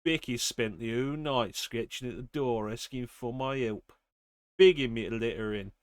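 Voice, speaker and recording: A man's voice: medium pitch, normal speed, no room sound. A man streaming a game, reading in-game diary notes aloud steadily and then chatting casually. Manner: reads steadily, then chats casually with fillers.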